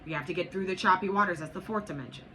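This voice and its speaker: A woman's voice: lowish voice, very fast, sharp tone. A woman giving a spiritual tarot reading to viewers, blunt and profane, urging and repeating herself. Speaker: tarot reader. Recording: noisy background.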